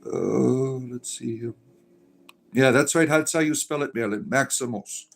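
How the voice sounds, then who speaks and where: A man's voice: medium pitch, a little slow, vocal fry. A middle-aged man hosting a casual livestream, reading viewer comments aloud and rambling with many fillers. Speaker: livestream host reading chat.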